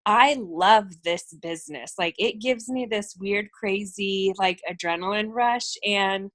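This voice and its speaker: A woman talks casually as a guest on a video call, full of "like" and "um" and quick to laugh. She talks about leading her team in a relaxed, conversational way. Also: mid-range voice, low-quality recording. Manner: chatty, filler-heavy, laughs easily.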